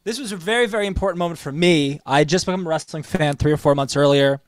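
Counting down a list on a casual wrestling podcast, a male co-host tells stories with enthusiasm. His voice is a little high and quick, with no room sound.

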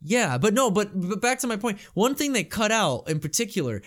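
A man with a slightly raised pitch chats casually as a podcast host. He rambles through his points and swears loosely. The talk is relaxed and unscripted. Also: brisk. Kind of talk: casual chat.

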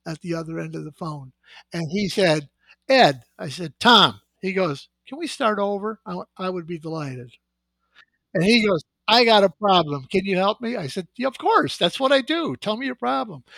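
A middle-aged man with a high, gravelly voice, recorded close and dry. He spins sales war stories and acts out the dialogue with relish. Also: no room sound. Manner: animated anecdotal storyteller, acts out dialogue. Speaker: sales executive guest. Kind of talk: storytelling in podcast conversation.

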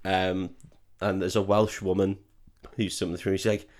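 A man's voice: low-pitched, flat delivery, moderate pace. A man casually recapping a film, sweary and jokey. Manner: sweary, jokey, acts out characters in shouted put-on voices. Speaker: podcast host recapping a film. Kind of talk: casual chat.

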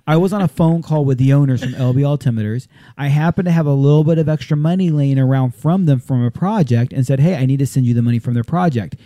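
A man hosts a loose, joking chat, his voice mellow and dark. He plugs things with eager enthusiasm. The sound is dry and close. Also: medium pitch, fast talker, few pauses, no echo. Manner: jokey, enthusiastic promoter. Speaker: podcast host. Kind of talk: casual chat.

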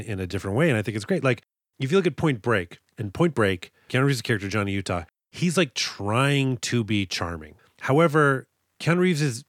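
A man's voice: on the low side, dry recording, studio quality. A man co-hosting a podcast, chatting casually about a movie, laughing often and drifting into asides. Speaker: podcast co-host.

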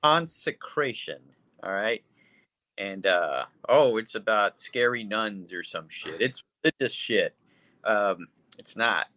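Bright-voiced blunt podcast guy. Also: fairly low pitch, slow pace, no echo. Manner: blunt, profane and rambling. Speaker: podcast co-host. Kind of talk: casual chat reviewing movies.

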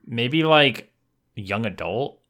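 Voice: medium pitch, expressive, slow pace, fairly bright tone. A podcast co-host in casual chat, laid-back and blunt, swearing casually.

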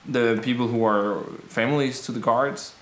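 A man's voice: medium pitch, fairly even intonation, moderate pace, fairly bright tone, reverberant, a little hiss or hum. A man playing a tabletop game, talking through plans in a thoughtful, casual way. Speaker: player.

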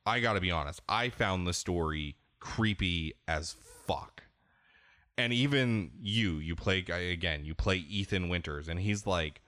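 A man's voice: sits low, unhurried, bright, forceful tone, dry recording, studio quality. A man hosting a podcast, candidly rambling through a casual game discussion and often restarting his sentences. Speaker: podcast host.

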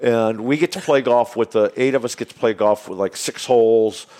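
A man's voice: mid-range voice, normal speed. A man in his sixties telling golf stories in casual chat, acting out the voices of the people in them and laughing often. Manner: animated, acts out voices in anecdotes, laughs often. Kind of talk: casual storytelling.

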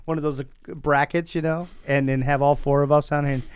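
A man's voice: a little high, little pitch movement, a little fast, clean tone, no echo. A man co-hosting a podcast, joking and chuckling as he talks. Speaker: podcast co-host. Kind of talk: casual chat.

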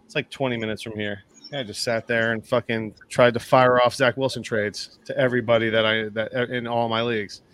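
A man co-hosting a fantasy football podcast in casual chat, rambling and animated and swearing often. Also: medium pitch, fairly quick, few pauses.

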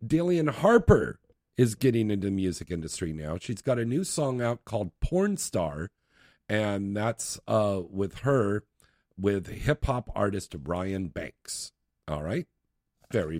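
A man's voice: lowish voice, very animated, measured pace, a little mellow, no room sound. Brash male talk radio host, joking and chatty, dry close studio sound, plays it loose.

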